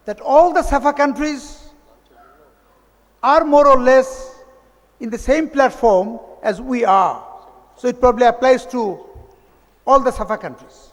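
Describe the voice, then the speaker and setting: A man with a Bangladeshi accent giving a formal, measured welcome speech at a conference, sometimes restarting his phrases. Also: extremely high pitch. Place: large hotel conference hall. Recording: echoey hall reverb.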